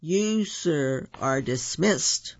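A red-faced, pompous store manager who snaps out slow, indignant orders, as the reader puts him on. The voice has a gravelly rasp. The recording sounds dull and lo-fi. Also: mid-range voice, expressive, full character voice. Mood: outraged.

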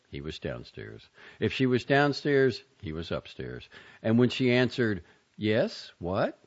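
A man reading short fiction and poetry aloud with an expressive, dramatic delivery, in a dull lo-fi recording. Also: medium pitch. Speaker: reader.

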